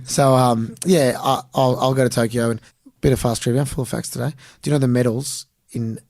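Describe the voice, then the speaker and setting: A quick-talking Australian man in his twenties trades jokes in casual slang as a guest. The sound is dry and close, with no room around it. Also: mid-range voice, fairly even intonation, vocal fry, a little mellow, dry recording. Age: 20s. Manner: quick, joking, full of slang. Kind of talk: casual chat.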